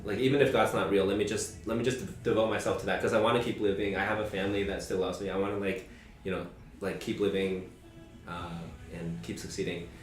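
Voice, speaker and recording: Casual podcast host in his twenties, deep-ish voice, meandering storyteller in a reverberant room. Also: steady tone, fairly quick, soft background music. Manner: rambling, heavy use of "like" fillers. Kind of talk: casual group conversation, personal storytelling. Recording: roomy echo.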